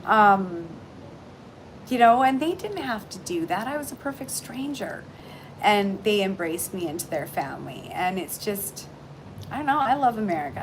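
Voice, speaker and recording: A middle-aged Canadian woman chatting casually and warmly on a livestream, full of ums and restarts, about heartfelt topics. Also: medium pitch, very animated, moderate pace, slight background noise, poor audio. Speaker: intuitive reader and shop owner. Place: aboard a cruise ship. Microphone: phone livestream.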